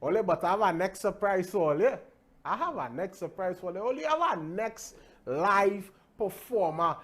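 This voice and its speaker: A man's voice: sits high, expressive, normal speed, fairly bright tone. A man hosting a live show, upbeat and repeating hype phrases. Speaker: host.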